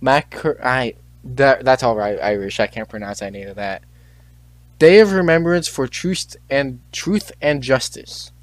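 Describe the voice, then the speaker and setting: A man's voice: medium pitch, expressive, unhurried, no room sound. Teen guy reading off history facts, stumbles on names, cracks jokes, dead dry sound. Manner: stumbles over names, joking asides. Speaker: podcast host. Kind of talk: casual chat, reading on-this-day facts.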